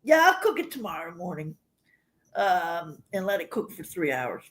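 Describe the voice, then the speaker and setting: A woman's voice: lowish voice, very animated, moderate pace, a bit bright. An older woman hosting a livestream, chatting casually with viewers and rambling through personal stories. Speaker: livestream host.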